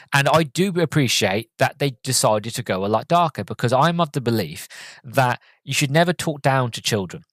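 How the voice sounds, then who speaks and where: A young man talks his way through a movie's story in a loose, rambling podcast style, stumbling over words and padding with "um" and "like". His voice sits at an ordinary middle pitch and is recorded close and dry, with no room sound around it. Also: no echo. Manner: rambling, full of fillers and self-corrections. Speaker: podcast host reviewing a film. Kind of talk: casual spoken film recap.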